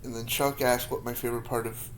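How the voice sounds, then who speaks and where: A man in his thirties answers viewer questions while eating hot peppers, rambling and self-deprecating, sometimes with his mouth full and feeling the spicy heat. His medium-pitched voice is fast and level in tone, with a little hiss or hum.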